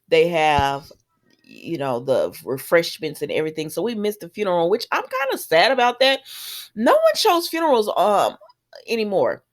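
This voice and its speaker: Chatty opinionated woman recapping a soap. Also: lowish voice. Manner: chatty, opinionated, acts out characters' lines. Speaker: soap opera recap vlogger. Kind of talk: casual chat recapping episodes.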